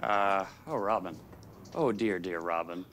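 A nervous, awkward young man stammers through his lines in a TV series clip. His voice is a bit low, with faint noise behind it. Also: a little slow, fairly bright tone. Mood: flustered. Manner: stammering, flustered. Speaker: character in a TV series.

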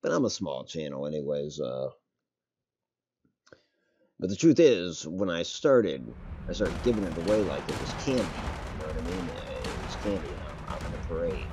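Rambling low-voiced man streaming a game. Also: sing-song, moderate pace, husky. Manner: rambling, self-correcting, swears casually. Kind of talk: casual gameplay commentary. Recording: loud game gunfire behind voice. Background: game gunfire and artillery.

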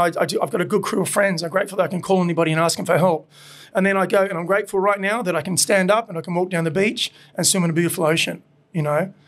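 A man, a restaurant owner, talking candidly and frankly as a podcast guest in his restaurant. He swears freely and rambles, with many fillers. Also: high voice. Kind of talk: candid casual chat.

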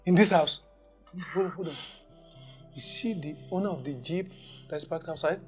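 A man's voice: on the high side, moderate pace, darkish tone, soft background music, close to an everyday voice. An actor playing a man who presses his panicked brother with questions and urges him to call the police. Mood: pressing. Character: level-headed brother confronting a panicked sibling. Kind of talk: film drama acting.

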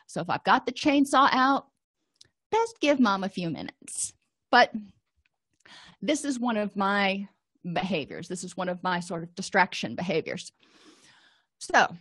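A middle-aged woman counselor giving a calm, explanatory lecture and walking listeners through exercises. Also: medium pitch, no echo, clean studio sound. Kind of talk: recorded lecture.

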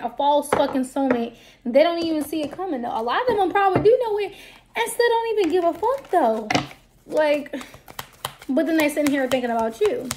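Woman, high voice, casual tarot reading, blunt and profane, noisy background. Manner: blunt, profane, lively talk. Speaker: tarot card reader.

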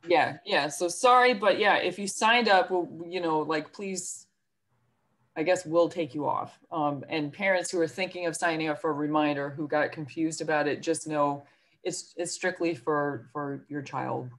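A woman's voice: sits low, moderate pace, a little hiss or hum. A woman school counselor with a New York accent, giving a chatty presentation to parents on a video call with many fillers and self-deprecating asides.

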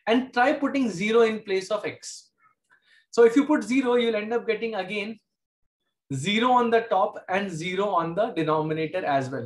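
Casting: Indian English male math teacher, high voice, patient step-by-step delivery. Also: roomy sound. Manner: explains step by step, repeats key points. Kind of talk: classroom lecture.

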